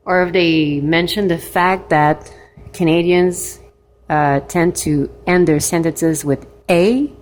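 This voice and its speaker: Rambling woman vlogger, slow and low. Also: a little hiss or hum. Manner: chatty, rambling, amused asides with laughs. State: sick. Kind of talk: casual vlog chat. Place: hostel kitchen and common room.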